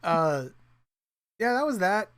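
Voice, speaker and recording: Male podcast co-host, lively storyteller who swears a lot, dry close sound. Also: sits high, slow pace, clear, resonant tone, no echo. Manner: animated storyteller, swears freely, acts out quotes. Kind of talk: casual storytelling chat.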